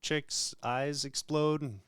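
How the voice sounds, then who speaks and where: A man's voice: a little high, fairly even intonation, a bit bright, clear, resonant tone, dry recording, studio quality. A man co-hosting a casual podcast, talking in a hesitant way with frequent restarts. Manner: slow, hesitant, restarts often. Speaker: podcast co-host.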